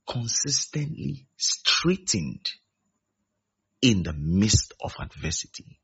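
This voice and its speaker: A man's voice: lowish voice, vocal fry, a bit bright, slightly rough. A man preaching a sermon, emphatic and repeating his key phrases. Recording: dull lo-fi recording.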